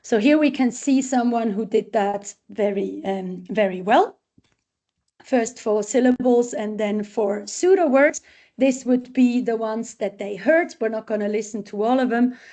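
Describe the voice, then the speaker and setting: A woman's voice: on the high side, measured pace, mellow. A woman researcher giving a talk, walking step by step through examples of her assessment tool. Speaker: researcher presenting a literacy tool.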